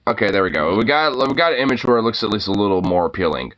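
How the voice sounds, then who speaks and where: A man with a bright, sharp-edged voice hosts an informal talk, griping at length. He swears freely and rambles through constant fillers. His delivery stays loose and unscripted. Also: fairly low pitch, lively intonation, rapid-fire, a little hiss or hum. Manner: profane, rambling, filler-heavy. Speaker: host. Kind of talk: casual ranting commentary. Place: lives in Portland.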